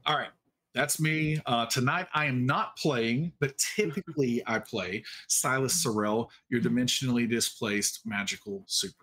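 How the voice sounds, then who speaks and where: A man's voice: medium pitch, normal speed, a bit bright. A man hosting a livestream cast Q&A, chatty and upbeat, with frequent fillers. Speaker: host.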